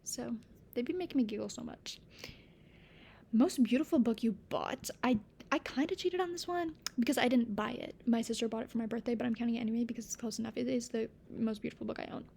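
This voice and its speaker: Young woman, book vlogger, gravelly, mellow tone, gushing casual chat, soft near-whispers. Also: on the high side, fast talker.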